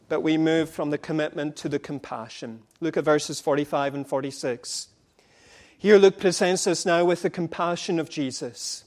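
A man with a high-pitched voice preaching a sermon. He retells scripture as vivid dialogue, rising into impassioned declaration and then sinking to near-whispered intimacy. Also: lively intonation, normal speed. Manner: dramatic retelling with impassioned dialogue, dropping to hushed tones.

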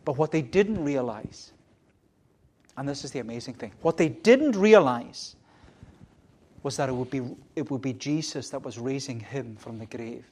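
Preaching at a moderate pace with a breathy edge, a man repeats key phrases. His sermon swings from quiet, low passages to loud, emphatic ones.

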